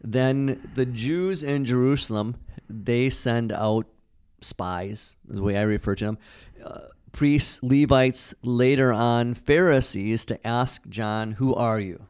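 A man's voice: medium pitch, slow pace, a little mellow, clear, resonant tone. A man co-hosting a casual Bible study discussion, talking in an earnest, conversational way with frequent restarts.

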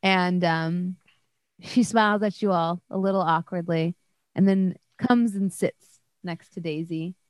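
A woman's voice: fairly low pitch, measured pace, dry recording. A woman narrating a tabletop game as game master, describing scenes loosely with many fillers.

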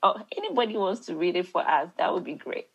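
Woman, African accent, Bible study leader, low voice, halting, repeats words, reads scripture aloud. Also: sing-song, muffled recording, a little hiss or hum. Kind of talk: leading a church discussion and reading scripture aloud.

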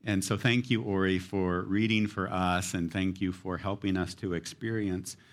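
A man's voice: deep voice, steady tone, normal speed. A man preaching a sermon, explaining a psalm in an earnest teaching manner. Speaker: pastor.

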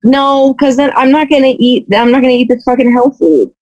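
A woman's voice: high voice, fairly even intonation, a little fast, a little mellow, dull audio. A woman playing her character in a tabletop role-play, talking casually and hesitantly. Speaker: player.

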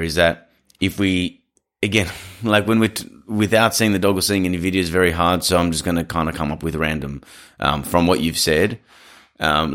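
A man hosting a dog-training podcast, giving direct, assertive advice in a casual way and acting out what people say. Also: low-pitched.

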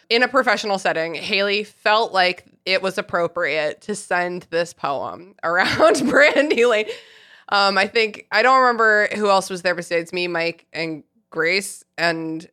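A woman's voice: medium pitch, bright, forceful tone. A woman hosting a podcast in casual chat, chatty and laughing often. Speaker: podcast host.

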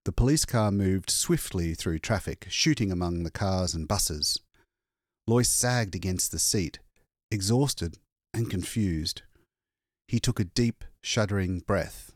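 A man reading a short story aloud as an audiobook narrator, measured and expressive. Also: sits low, dry recording, studio quality. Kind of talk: scripted narration.

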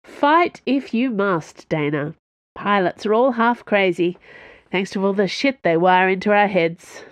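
A woman's voice: medium pitch, a little slow, dry recording, close to an everyday voice. A woman voicing a blunt, swearing mother who was once a reckless pilot.

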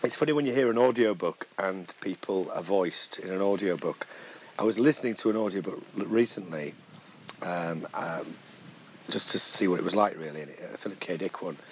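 A man chatting casually as co-host, sweary and quick to laugh. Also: low voice, slight background noise, poor audio. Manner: sweary, animated, laughs a lot. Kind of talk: casual chat.

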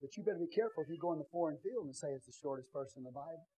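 A man preaching a sermon in a church, swinging from quiet teaching to loud shouted preaching. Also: a little high, animated, rapid-fire, low-quality recording. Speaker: pastor. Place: church sanctuary.

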